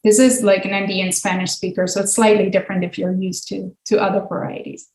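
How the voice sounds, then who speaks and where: A woman's voice: medium pitch, level tone, brisk, darkish tone. Woman lecturing in an echoey room. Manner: patient explaining, frequent ums and uhs. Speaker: linguistics professor giving a guest talk. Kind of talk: academic lecture with slides.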